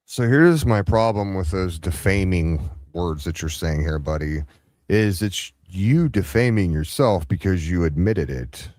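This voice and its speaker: A man hosting a livestream reaction, talking sarcastically and taunting, sometimes jumping up into high-pitched mockery. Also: expressive, measured pace, a little mellow, no echo, studio quality. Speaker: livestream commentary host. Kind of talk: mocking reaction commentary.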